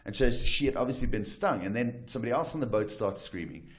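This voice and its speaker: A man from South Africa, a wildlife guide and photographer, telling adventure stories as a talk show guest with lively, restart-filled delivery. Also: medium pitch, quick pace. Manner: animated storyteller, frequent restarts and "right?". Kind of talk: casual storytelling interview.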